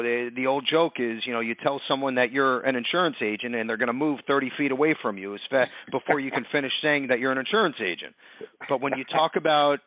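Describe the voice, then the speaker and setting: Male podcast host, enthusiastic, quick to praise; dry phone-like sound. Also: medium pitch, no room sound. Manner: enthusiastic, repeats "I love it". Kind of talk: casual podcast chat. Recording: tinny phone-like line, dry.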